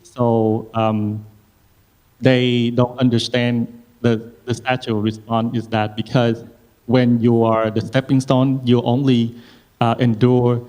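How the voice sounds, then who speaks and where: A man in a teaching session puts a question to his teacher. He speaks slowly and hesitantly, pausing often with fillers. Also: mid-range voice, level tone, darkish tone. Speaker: student asking a question.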